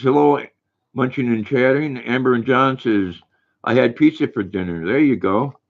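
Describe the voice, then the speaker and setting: An older man hosting a casual livestream, reading viewers' comments aloud in a relaxed, folksy way. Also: medium pitch. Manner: relaxed, folksy, reads viewer names and messages. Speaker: livestream host. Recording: dull lo-fi stream audio.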